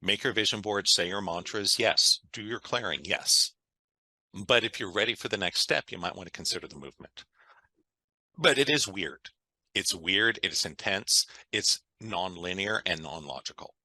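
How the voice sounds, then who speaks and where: A man's voice: low voice, lively intonation, normal speed, pushed and bright, no echo, poor audio. A man, a guest on an interview, talking in an enthusiastic, conversational way and often checking in with "right?". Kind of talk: interview storytelling.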